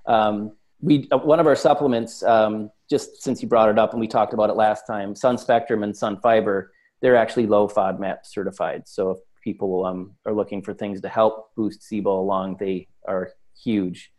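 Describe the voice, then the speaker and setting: Man, low voice, interview guest, casual, filler-heavy talk. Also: fairly even intonation, moderate pace, darkish tone. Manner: talkative, many fillers like "um" and "like". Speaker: supplement company guest.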